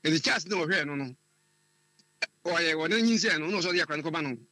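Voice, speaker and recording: A man, calling in to tell a personal story, often halting and repeating words as he searches for what to say. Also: on the high side, expressive, pushed and bright, no echo. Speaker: caller. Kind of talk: telling a personal story on a call-in show.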